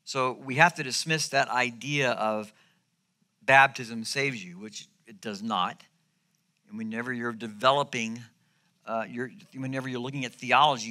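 A man's voice: mid-range voice, sharp tone. A male pastor preaching a sermon, emphatic and repetitive, at times dropping almost to a whisper. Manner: emphatic, repeats key phrases, drops to near whispers.

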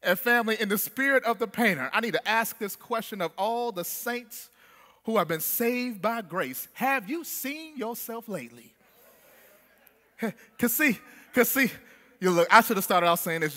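A man's voice: sits high, pushed and bright. A man preaching a sermon in a church, calling the congregation family and baby, with call-and-response. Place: church sanctuary. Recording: long church hall reverb.

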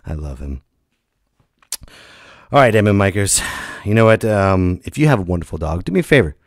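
A middle-aged comedian and podcast host riffs through a comic monologue a little fast, his low voice swooping up and down as he tells stories with animation and leaps into loud, high put-on voices. He sounds slightly worn from illness, and the recording is dry and close with no echo.

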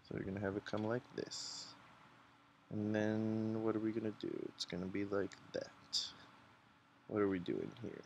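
A man's voice: lowish voice, moderate pace, vocal fry, a little mellow, muffled recording, a little hiss or hum. A man hosting a casual drawing tutorial, chatty and encouraging, thinking aloud as he sketches. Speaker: art tutorial host.

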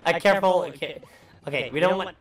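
Casting: man, higher-pitched, loose and profane game commentator, recorded in an echoey room away from the mic. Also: quick pace, distant mic. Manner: profane, rambling, joking. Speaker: let's play host. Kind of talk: casual gameplay commentary.

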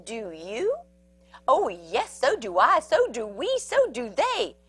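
A woman voicing a crowd of excited little prairie dogs chattering in turns in a storybook reading. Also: a little high, slow pace, breathy edge, dry recording, soft background music, exaggerated voice. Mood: eager.

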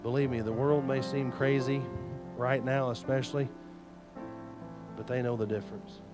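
A man's voice: mid-range voice, fairly even intonation, normal speed, over music. A man, a youth pastor preaching an earnest, folksy sermon full of retold stories. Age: 40s.

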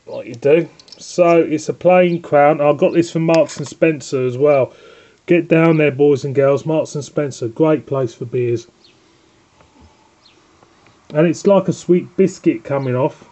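A man's voice: a little high, unhurried, warm tone. A man with a Northern English accent hosting a casual home beer review, chatty and rambling, often breaking off to scold his dog.

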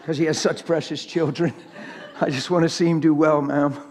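A man's voice: a little high, steady tone, moderate pace, darkish tone, long reverb tail. A middle-aged man preaching a live sermon in a church, plain-spoken and teasing, laughing along with the crowd.

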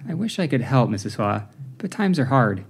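A man's voice: medium pitch, big pitch swings, moderate pace, a little hiss or hum. A man voicing a stern immigrant mother in her late forties who runs a grocery store, firm and commanding. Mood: apologetic.

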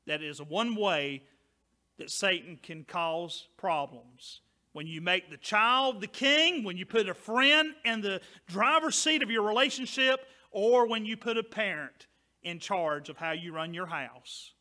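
A man preaching a sermon as pastor, loud and emphatic, dropping now and then to quieter asides. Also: high-pitched, expressive, unhurried.

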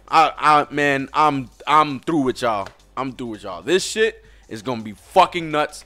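A young man excitedly reacting to gaming news in a profane, hyped rant from home at night. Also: a little high, normal speed, faint music behind. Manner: hyped, profane, shouting and laughing. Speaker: gaming vlogger.

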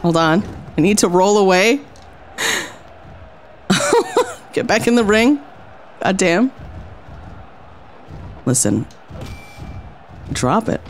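A woman's voice: mid-range voice, wildly swooping pitch, drawn-out words, long pauses, a little hiss or hum. A woman streaming a game, commenting casually and theatrically. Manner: playful, theatrical, lots of exclamations and laughs.

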